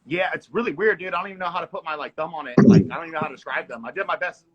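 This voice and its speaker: A man's voice: a little high, rapid-fire, husky, muffled recording. A young man in casual chat, laid-back, with lots of filler words and easy laughs.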